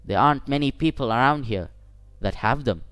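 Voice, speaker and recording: A man voicing a slight village robber with a machete, who speaks in a soft, calm, polite way that carries quiet menace, in a storybook reading. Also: mid-range voice, fairly quick, clear, resonant tone, dry recording, close to an everyday voice. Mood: eerily gentle.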